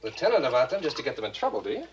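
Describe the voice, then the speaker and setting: A man's voice: mid-range voice, big pitch swings, racing, lightly acted. A man playing a nervous young man who stammers politely while serving drinks, in 1950s film acting. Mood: hesitant. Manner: hesitant, stammering. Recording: old film soundtrack with hiss.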